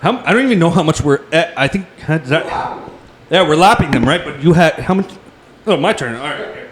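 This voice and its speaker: A man's voice: fairly high pitch, animated, brisk. A man hosting a podcast, joking crudely and laughing while he eats hot dogs in a contest. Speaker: podcast host. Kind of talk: rowdy casual chat during an eating contest.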